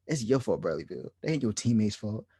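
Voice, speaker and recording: A man's voice: on the low side, big pitch swings, brisk, warm tone, breathy edge, dry recording. A man co-hosting a sports podcast, ranting in an exasperated, repetitive way. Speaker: podcast co-host. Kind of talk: heated sports podcast rant.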